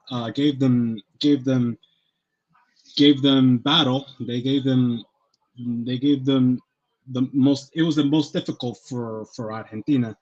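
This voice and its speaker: A man arguing his side in a casual online football debate, animated and full of restarts. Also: medium pitch, dull audio. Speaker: panelist.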